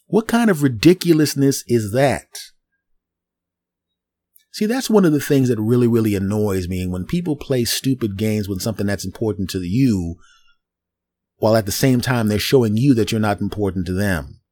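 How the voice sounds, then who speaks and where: Low mellow-voiced man ranting. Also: moderate pace. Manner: animated, acts out voices while ranting. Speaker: podcast host. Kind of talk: ranting solo podcast monologue.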